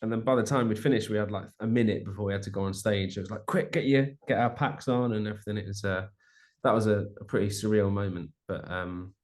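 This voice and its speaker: Rambling young Englishman, low voice. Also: flat delivery, fast, darkish tone. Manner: chatty, rambling with many restarts and fillers. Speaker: musician guest. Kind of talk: casual interview chat.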